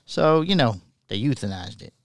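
A man's voice: medium pitch, animated, normal speed, no echo, clean studio sound. A man with a Florida accent co-hosting a casual podcast, joking and bantering in an easygoing way. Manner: laid-back, joking banter. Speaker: podcast co-host. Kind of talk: casual chat.

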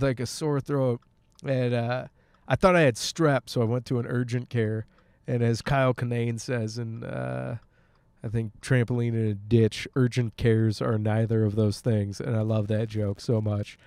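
A man's voice: medium pitch, a little mellow, clear, resonant tone, dry recording. A man hosting a podcast, talking casually while driving, sick with a sore throat, joking, swearing and laughing often. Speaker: podcast host. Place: car, on the road.

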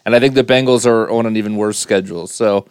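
A man's voice: on the low side, steady tone, fast talker, a little mellow, smooth, dry recording, studio quality. A man co-hosting a casual podcast, wry and teasing. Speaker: podcast co-host.

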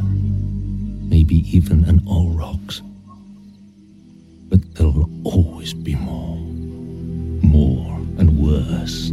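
Give me a bitter old former magician, slow and very low, drifting into whispers. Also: male voice. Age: older. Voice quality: hushed, breaking into whispers. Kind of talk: animated series drama.

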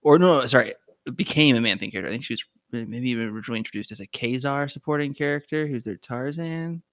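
A man's voice: mid-range voice, quick pace, fairly bright tone, no room sound, clean studio sound. Hesitant man sharing comic-book trivia. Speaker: podcast co-host. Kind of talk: casual chat.

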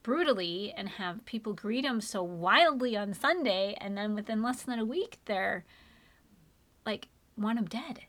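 A middle-aged mother co-hosting a faith podcast, talking in an earnest, emotional way and slowing down for emphasis. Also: medium pitch, animated, a bit bright.

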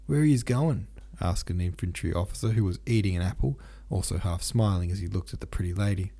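A man's voice: deep voice, fairly even intonation, quick pace, vocal fry, warm tone. A man narrating an audiobook in a casual, slangy retelling.

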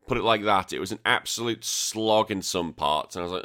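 A man's voice: lowish voice, a little fast, hardly any pauses, sharp tone. A man from the UK hosting a retro gaming podcast, chatting casually in a jokey, self-mocking way. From United Kingdom. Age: adult with a young daughter. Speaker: podcast host.

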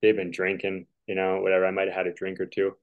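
Deep-voiced man telling rambling stories. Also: completely flat delivery, fast. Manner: rambling, filler-heavy, chuckling. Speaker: podcast guest, tennis player. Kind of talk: casual storytelling. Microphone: video call. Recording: dull lo-fi call audio.

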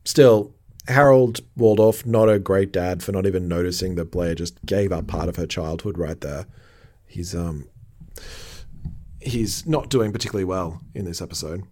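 A man's voice: low-pitched, normal speed, darkish tone. A man co-hosting a casual podcast, recapping a TV episode with lots of laughter and playful mock indignation. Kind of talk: casual chat.

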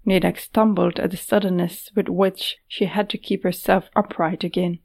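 A woman narrating a fantasy audiobook in a measured, steady way. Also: fairly low pitch, vocal fry.

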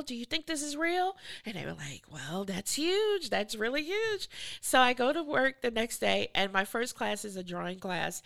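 Animated middle-aged woman storyteller, gravelly and bright, playing out every quote. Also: mid-range voice. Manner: animated, acts out quoted voices, laughs often. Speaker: artist and art professor. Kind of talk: storytelling in a podcast conversation.

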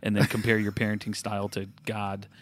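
Male co-host, 30s, low pitch, dry close sound, reflective faith chat with restarts. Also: completely flat delivery, brisk, no echo. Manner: reflective, self-correcting, with frequent restarts. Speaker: podcast co-host. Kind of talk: casual faith conversation.

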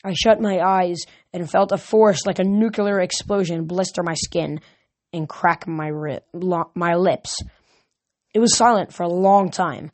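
A woman's voice: fairly low pitch, steady tone, unhurried, darkish tone. A woman reading a novel aloud earnestly, now and then stumbling and correcting a word. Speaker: reader.

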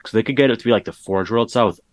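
A fairly low-voiced man gives wry, skeptical takes in casual podcast chat, filling gaps with likes and you-knows. The recording is dry and close. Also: racing, dry recording. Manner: wry and skeptical, many fillers. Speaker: podcast co-host.

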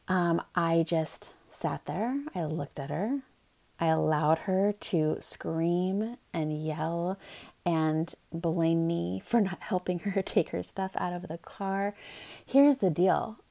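Gravelly-voiced woman hosting a parenting podcast. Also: on the low side, slow pace, dark tone. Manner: upbeat, chatty, with fillers. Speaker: podcast host, parenting coach. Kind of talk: casual podcast talk.

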